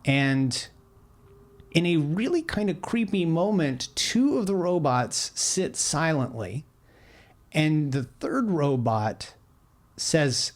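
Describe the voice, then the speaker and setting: A man's voice: a little high, lively intonation, slow. Man telling a story with many fillers. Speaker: podcast co-host. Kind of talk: casual chat.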